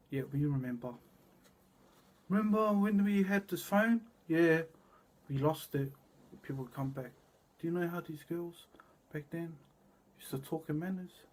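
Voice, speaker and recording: A man talking in a rambling, disjointed monologue that jumps between loud and quiet passages and repeats itself. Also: mid-range voice, breathy edge.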